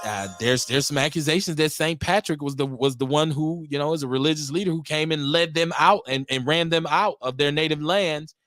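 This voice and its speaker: A man's voice: fairly quick, few pauses. Rambling man hosting a podcast. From Milwaukee, USA. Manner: rambling, talkative, lively swings in pitch. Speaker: podcast host. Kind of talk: casual solo talk show.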